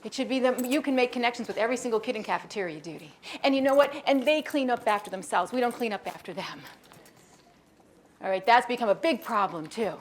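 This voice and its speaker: A woman's voice: a little high, fast talker, a little hiss or hum. A woman speaker giving a humorous keynote talk to educators, joking and acting out little scenes as she goes. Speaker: school behavior consultant and keynote speaker.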